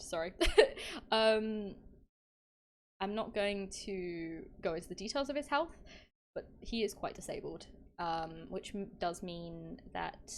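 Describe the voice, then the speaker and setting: A woman's voice: mid-range voice, a little hiss or hum. A woman streamer talking casually to her live chat, chatty, laughing often, tripping over her words and restarting. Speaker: VTuber streamer.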